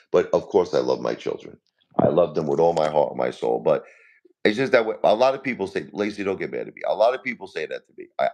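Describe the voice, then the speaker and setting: Grieving male live-stream host in his forties, very deep and gravelly, rambling and repetitive. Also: darkish tone. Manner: repeats himself, talks straight to chat viewers by name. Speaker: livestream host. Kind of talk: casual live-stream talk to viewers.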